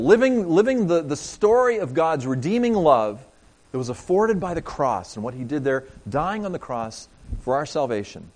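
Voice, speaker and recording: A pastor giving a sermon, telling a story and talking directly to his congregation. He moves between emphatic lines and quiet asides. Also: a little high, big pitch swings, moderate pace.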